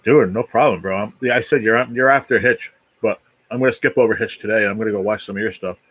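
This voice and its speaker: A man's voice: fairly low pitch, fast, fairly bright tone, breathy edge, no room sound, poor audio. A man hosting a casual live stream, rambling easily and chatting while he eats. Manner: rambling, easygoing, talks while eating. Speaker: livestream host.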